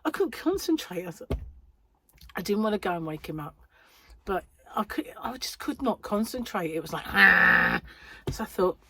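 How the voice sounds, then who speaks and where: A British woman from the United Kingdom chats casually to camera from a corner of her home, where she works as a crochet vlogger and yarn shop owner. Her medium-pitched voice swings widely in pitch at a normal speed. She rambles, chatters on, and keeps interrupting herself.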